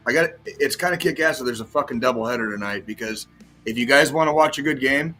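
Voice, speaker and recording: A man of middle pitch with a bright, forceful voice, co-hosting a casual podcast. He talks brashly and trash-talks, swearing freely as he goes. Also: quick pace, faint music behind. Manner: brash, trash-talking, profane. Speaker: podcast co-host.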